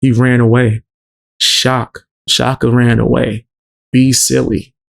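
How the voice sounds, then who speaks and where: A man's voice: mid-range voice, level tone, slow pace, gravelly. A man hosting a podcast in casual chat, blunt, plugging his channel and interviews. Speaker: podcast host.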